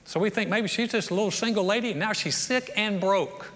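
High-voiced folksy pastor, echoing hall. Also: male voice, brisk. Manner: folksy, animated storytelling with acted-out quotes. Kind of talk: sermon. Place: church sanctuary. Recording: long church reverb.

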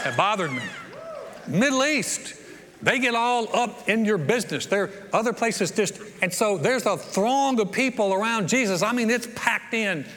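Folksy male pastor with a higher voice, preaching in a reverberant church. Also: moderate pace, noisy background. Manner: folksy, animated storytelling with acted-out quotes. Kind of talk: sermon. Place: church sanctuary.

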